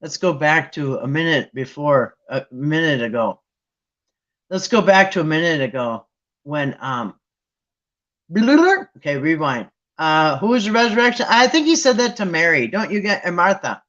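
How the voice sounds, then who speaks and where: A man hosting a Bible trivia game with viewers, chatting casually and thinking aloud with restarts and sudden excited jumps. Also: a little high, moderate pace. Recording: dull lo-fi sound.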